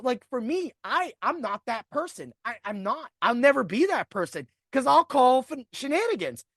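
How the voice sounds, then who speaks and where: Profane, animated middle-aged man ranting. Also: very high-pitched, no room sound, clean studio sound. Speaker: podcast host. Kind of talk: ranting storytelling.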